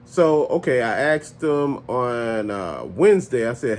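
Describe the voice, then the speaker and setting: A man hosting a casual vlog, ranting in an animated, profane, conversational way and often laughing as he talks. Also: mid-range voice, unhurried, hardly any pauses. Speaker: toy channel host.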